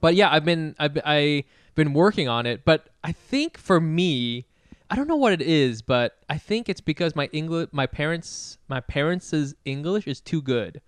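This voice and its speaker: A man co-hosting a podcast, chatting casually, with lots of quick agreement and stammered restarts. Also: a little high, expressive, clear, resonant tone, no room sound. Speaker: podcast co-host. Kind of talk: casual chat.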